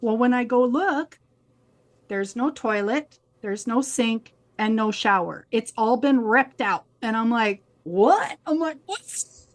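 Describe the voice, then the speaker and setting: Animated female co-host, higher-pitched, for chatty story-driven podcast talk. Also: a little slow. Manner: animated storyteller acting out quoted dialogue. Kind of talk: casual storytelling chat.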